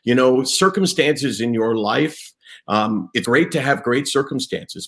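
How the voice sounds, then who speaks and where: A man's voice: medium pitch, animated, measured pace, fairly bright tone. A man interviewing a guest, speaking in an earnest, emphatic, explanatory way. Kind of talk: conversational interview.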